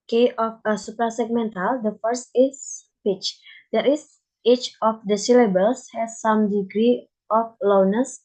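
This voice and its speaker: A woman's voice: on the high side, a little mellow, poor audio. A young woman giving a class presentation, reading carefully from slides and often repeating words. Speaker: student presenter.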